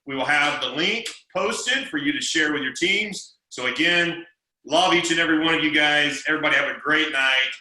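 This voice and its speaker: A man's voice: on the high side, moderate pace, pushed and bright. A man hosting a group video call, thanking his guest effusively and restarting his sentences. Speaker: host. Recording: echoey video call audio.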